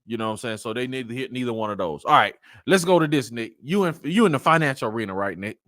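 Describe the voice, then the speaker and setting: A man hosts a casual sports talk show, talking animatedly and tacking "man" onto his lines. His voice sits at a middling pitch. The sound is dry and close, with no room echo. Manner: animated, repeats "man" often, drawn-out emphasis.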